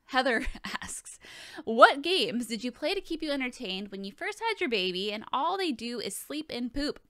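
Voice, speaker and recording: Fielding questions from her viewers, this thirty-something vlog host swears, jokes and chats casually. She speaks at a moderate pace in a high, slightly bright voice with big pitch swings, and the studio sound is clean, with no room sound.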